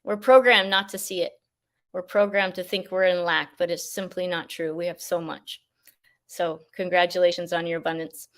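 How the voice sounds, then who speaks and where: A woman's voice: on the low side, fairly even intonation, moderate pace, fairly bright tone. Effusive, enthusiastic woman show host. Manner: effusive, enthusiastic, laughs often. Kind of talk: casual live show hosting. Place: outdoors near a mountain.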